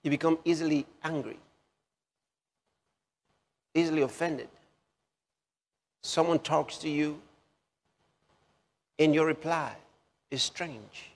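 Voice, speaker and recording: A man preaching with a fairly high voice, leaning on slow, emphatic repeats of key phrases. His words ring out with a long reverb, as in a large hall. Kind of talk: sermon.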